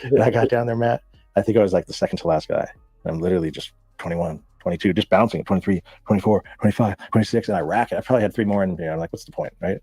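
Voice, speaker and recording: A man telling profane, animated stories in a casual chat, laughing as he goes. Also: fairly low pitch, very fast, slightly rough, no room sound, soft background music. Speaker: guest. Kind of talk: casual storytelling.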